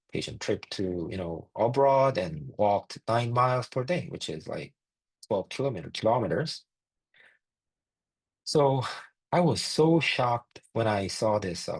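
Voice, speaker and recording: A man gives a medical case presentation in a lecture, narrating each case plainly and pausing on fillers as he thinks. His voice sits low and has a husky, gravelly edge. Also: rough recording. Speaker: physician lecturer.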